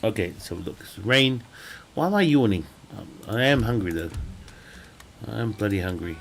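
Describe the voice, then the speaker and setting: A man's voice: on the low side, lively intonation, normal speed, vocal fry, a little hiss or hum. A young man chatting casually while streaming a game, rambling and joking with frequent laughter. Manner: rambling, jokey, laughs often. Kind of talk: casual chat while gaming.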